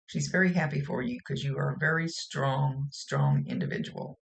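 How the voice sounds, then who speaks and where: A woman's voice: extremely low pitch, huge pitch swings, moderate pace, creaky. A woman working as a psychic medium, giving a casual reading in a chatty, folksy, rambling way.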